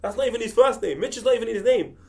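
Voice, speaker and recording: A man's voice: very high-pitched, racing, creaky. A man joking and telling stories in football panel banter. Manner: animated storytelling, teasing. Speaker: panel regular.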